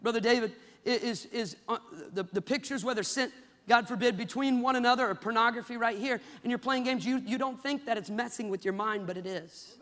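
A man in his thirties preaching a fervent sermon, building to loud climaxes. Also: very high-pitched, fairly quick, big-room sound.

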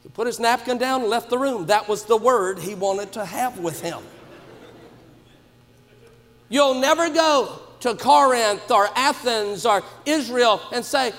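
A man preaching a sermon to a congregation, emphatic and swinging from quiet asides to shouted points. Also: extremely high pitch, a little slow. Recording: long reverb of a church hall.

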